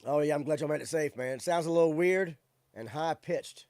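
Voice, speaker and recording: A man's voice: fairly high pitch, moderate pace, darkish tone, no echo. A man hosting a casual live-stream, chatting loosely with viewers in a laid-back way. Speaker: livestream show host. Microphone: studio microphone with audio interface.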